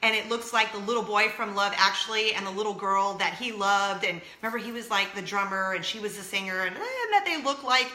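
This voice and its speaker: Bubbly woman, bright echoey voice. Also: mid-range voice, brisk, few pauses. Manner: bubbly, gushing, talks to viewers directly. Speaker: vlog host. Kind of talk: chatty solo vlog.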